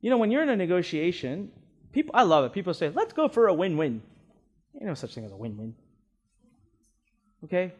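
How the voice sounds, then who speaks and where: A man's voice: sits high, sing-song, fast, long pauses, darkish tone, highs cut off. A man teaching a live seminar to an audience as a marketing instructor, emphatic and repeating words, often asking "right?".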